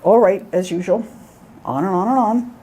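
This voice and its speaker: A woman's voice: medium pitch, moderate pace, dark tone. A woman giving an informal talk to an audience. She speaks earnestly and urges her listeners on, checks in with "all right?" and "you know?", and sometimes acts out conversations with a wry laugh. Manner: acts out dialogue between herself and God. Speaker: speaker at a Catholic event.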